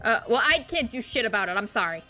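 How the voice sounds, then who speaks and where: A woman's voice: a little high, animated, quick pace, pushed and bright, soft background music. A young woman casually reacting on a livestream, swearing often and making sarcastic asides. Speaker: streamer reacting to a webcomic.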